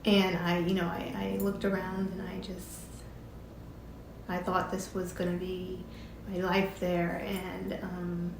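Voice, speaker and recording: A woman's voice: on the low side, creaky, roomy sound, a little hiss or hum. Emotional woman telling her story. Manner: halting and emotional, many fillers and restarts. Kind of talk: personal storytelling.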